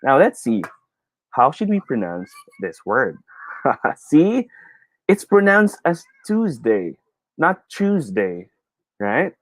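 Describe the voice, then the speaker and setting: A man's voice: on the high side, sing-song, takes it slowly, long pauses, a bit bright, no echo. A man with a Filipino English accent teaching a live online speech class, reading viewers' comments aloud, chatty, often laughing and mixing Tagalog into his English.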